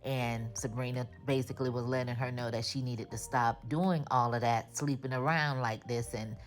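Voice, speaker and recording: A woman giving a casual, animated recap of a TV episode, full of slang and her own commentary. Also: a bass voice, normal speed. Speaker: TV recap host.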